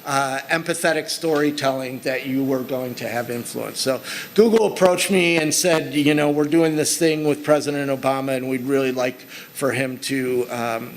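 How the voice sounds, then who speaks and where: Heard through a low-quality recording with a little hiss or hum, a medium-pitched man addresses an audience. He is middle-aged and speaks earnestly and conversationally as he shares stories about his work during a conference talk with slides.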